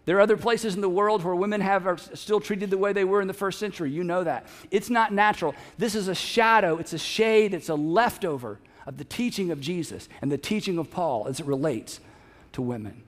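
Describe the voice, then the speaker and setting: A man's voice: high-pitched, fairly quick. A male pastor preaching a sermon in a church, conversational and joking with the congregation. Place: church sanctuary. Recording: long hall reverb.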